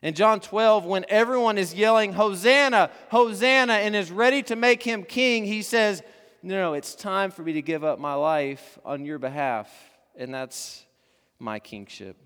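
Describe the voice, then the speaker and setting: High-voiced preacher in a reverberant hall. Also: male voice, a little slow, clear, resonant tone. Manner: rising to fervent emphasis, then dropping to soft hushed endings. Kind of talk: sermon.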